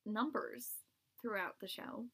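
A young woman co-hosting a podcast in casual chat, chatty and giggly, with quick asides. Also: mid-range voice, a bit bright, husky. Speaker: podcast co-host.

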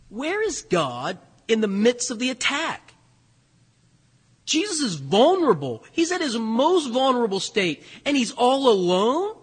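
Male preacher, sermon delivery, husky, echoing church hall. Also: very high-pitched, a little slow. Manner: animated, rhetorical questions, voices quoted lines. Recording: long hall reverb.

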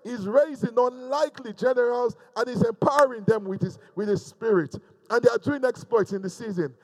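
A man preaching a sermon to a camera, swinging from loud fervent exhortation to quiet, intimate asides. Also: extremely high pitch, fairly quick. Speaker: pastor. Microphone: speaking to a camera.

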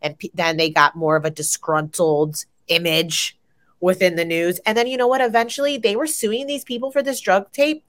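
On a relaxed pop culture podcast, a young woman in her twenties co-hosts and spins animated stories full of profanity. When something thrills her, her pitch jumps way up. She speaks at a normal speed.

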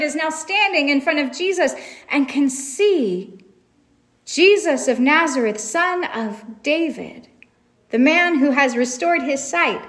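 A woman's voice: high-pitched, a bit bright. A woman preaching a sermon, retelling a story in a reflective way and asking rhetorical questions.

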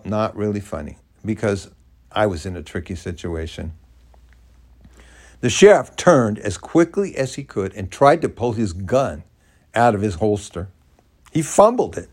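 Older man with a lively storytelling voice. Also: fairly low pitch, a little slow. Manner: animated, dramatic storytelling. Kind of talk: first-person story narration.

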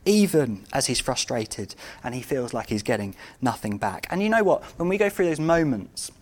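A man preaching a sermon, asking his congregation rhetorical questions and moving between loud outbursts and quiet, intimate moments. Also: on the high side.

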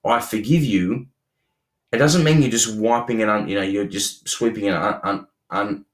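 A man's voice: lowish voice, normal speed. A young adult man co-hosting a relationship podcast, talking earnestly with many restarts and repeated words. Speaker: podcast co-host. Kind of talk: relationship advice chat.

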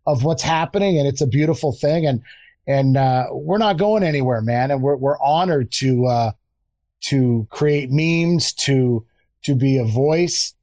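A man co-hosting a casual live audio chat, speaking in a relaxed, earnest, halting way. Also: medium pitch, dry recording, muffled recording. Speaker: co-host.

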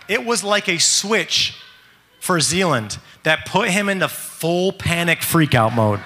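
A father telling a family story in an animated, excitable way. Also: sits high, big-room sound, slight background noise. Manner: animated, excitable, fast-shifting delivery. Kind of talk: casual storytelling.

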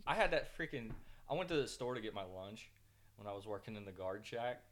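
Podcast co-host, male, low pitch, profane rambling storyteller. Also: lively intonation, fairly quick, a bit bright. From northern United States. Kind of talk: casual chat.

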